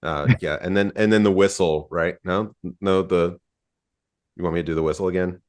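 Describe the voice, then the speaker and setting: Deep-voiced playful male podcast host. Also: fairly even intonation, normal speed. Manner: playful, jokey. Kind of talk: hosting a casual panel.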